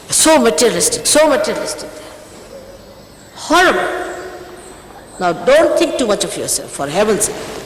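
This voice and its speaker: This old archive tape carries a woman in her sixties, a spiritual teacher, scolding her followers in a stern, reproachful tone. Her pitch jumps around with lively emphasis, echoing through a big hall with long reverb over a faint ambient hum.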